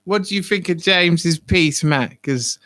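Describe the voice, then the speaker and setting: A man hosting an online poetry session, chatting in a relaxed, joking way over a video call. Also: fairly high pitch, a little slow, no echo. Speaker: host. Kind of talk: casual chat.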